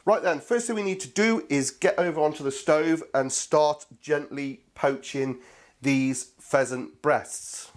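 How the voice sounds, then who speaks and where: A man's voice: a little high, unhurried. A man hosting a cooking show, chatting casually and jokily to viewers as he cooks. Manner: chatty and jokey, talks to viewers as mates.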